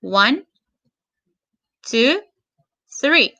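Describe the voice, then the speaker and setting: A woman teaching an online English grammar lesson, slow and patient, repeating words and spelling out endings. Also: medium pitch, lively intonation, sharp tone.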